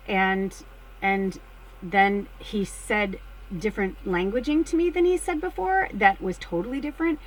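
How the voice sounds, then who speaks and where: In a rough recording, a middle-aged woman, a spiritual medium, recounts a personal story to her viewers with a mid-range voice at a slightly slow pace. Chatty and candid, she swears freely and gets excited enough to shriek while retelling.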